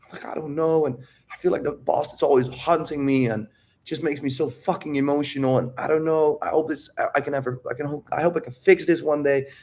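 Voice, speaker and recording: A man's voice: on the high side, steady tone, fast, a little mellow. Candid rambling man talking dating. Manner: candid, rambling, says "dude" and "bro". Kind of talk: casual talk.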